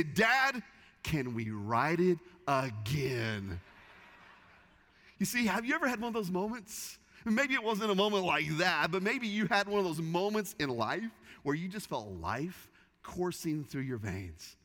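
A middle-aged male pastor preaching a sermon, his fairly high voice bright and forceful. He tells stories in a lively way, often restarting his words. The sound rings with the long reverb of a large church hall. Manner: lively storytelling with repeated restarts.

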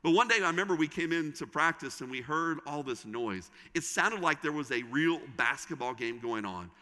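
A middle-aged man preaching a sermon as a pastor, with dramatic pauses and sudden drops to a soft, intimate tone. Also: a little high, expressive. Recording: reverberant hall.

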